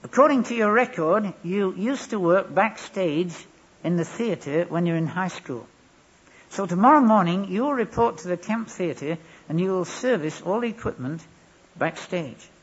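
A man doing a brisk army captain who hands down orders in a clipped, commanding way. The voice is high and husky, on a dull, lo-fi recording. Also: expressive. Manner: crisp giving of orders.

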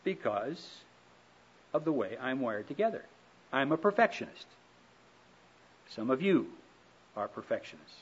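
A middle-aged man giving a relaxed, folksy talk on marriage, telling stories with gentle humor. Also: mid-range voice, measured pace, pauses often, slightly rough. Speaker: speaker on marriage. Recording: dull lo-fi recording.

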